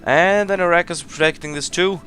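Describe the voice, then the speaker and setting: A bright-voiced man talks his way through a game in a loose, rambling let's play style, chuckling at his own mistakes. His voice sits a little high, and quiet game music plays underneath. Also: fairly even intonation, brisk. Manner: chatty, rambling, laughs at himself. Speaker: gameplay commentator. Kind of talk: casual let's play commentary.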